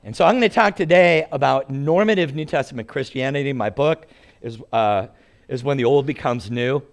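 A man's voice: medium pitch, normal speed, vocal fry. Humorous older male pastor preaching. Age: 60s. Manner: humorous, animated storyteller. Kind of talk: sermon with storytelling.

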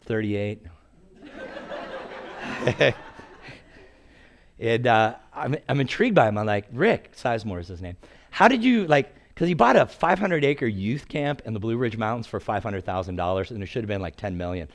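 A man's voice: fairly low pitch, moderate pace, long pauses. Storytelling preacher man in his sixties. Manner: animated, acts out quotes, laughs at own stories. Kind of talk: storytelling sermon.

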